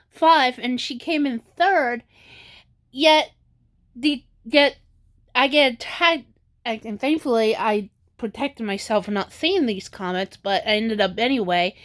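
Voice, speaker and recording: A woman vlogger giving casual commentary, halting with many restarts and fillers, at times tearful. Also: high-pitched. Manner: tearful and emotional in places.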